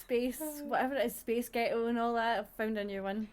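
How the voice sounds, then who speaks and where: Podcast host: Scottish woman, slightly high voice, chatty and giggly. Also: steady tone, a little fast. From Scotland. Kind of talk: casual chat.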